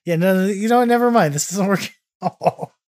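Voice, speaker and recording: A man co-hosting a casual podcast, excitable and self-mocking, often tripping over his words. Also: high-pitched, brisk. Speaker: podcast co-host.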